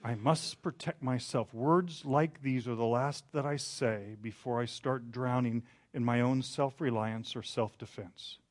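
A man preaching a sermon, telling the story with dramatic rises, then turning quiet and confessional. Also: medium pitch, fairly even intonation, measured pace, hardly any pauses. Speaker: pastor.

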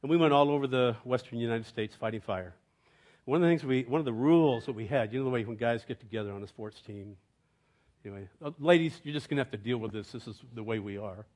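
Delivering a sermon quickly in a medium-pitched voice, this middle-aged pastor alternates between hushed, chuckling stories and soaring, emphatic proclamation.

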